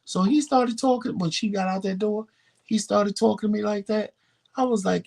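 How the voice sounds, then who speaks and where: A man co-hosting a podcast, telling stories in casual chat, animated and profane, acting out the voices of people he quotes. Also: high-pitched, normal speed, creaky. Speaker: podcast co-host.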